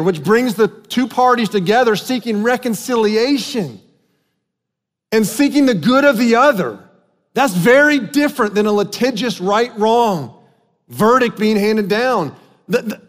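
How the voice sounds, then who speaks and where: A pastor preaching a sermon, earnest, moving between soft, slow lines and emphatic ones. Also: male voice, high-pitched, animated, big-room sound.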